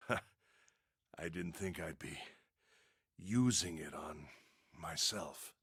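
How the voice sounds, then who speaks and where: A tired older man in a game speaks weakly, his words slightly slurred as he fades. The voice is deep and husky and drags slowly, put on by a woman. It is dry and close, with no room sound. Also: fairly bright tone, dry recording, full character voice. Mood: drowsy calm. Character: weary older man, calm, drugged and fading.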